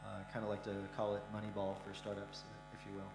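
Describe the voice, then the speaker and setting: Middle-aged man, investor on a conference stage, blunt and frank, lowish voice, full of "uh"s, echoey hall with hum. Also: completely flat delivery, fast talker, creaky, darkish tone. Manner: blunt, frank, many "uh" fillers. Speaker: investor, startup fund founder. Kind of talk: conference interview answers.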